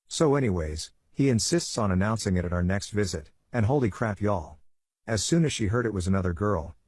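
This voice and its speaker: A man narrating a bedtime story with a steady, even storytelling delivery. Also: lowish voice, dry recording.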